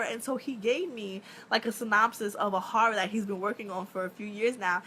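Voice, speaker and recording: A bright, sharp-toned woman in her thirties talks casually to her followers on a live stream. She tells stories with lots of energy, laughs often and swears without a second thought. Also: mid-range voice, brisk, few pauses, a little hiss or hum. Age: 30s. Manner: animated storytelling, laughs often, swears freely.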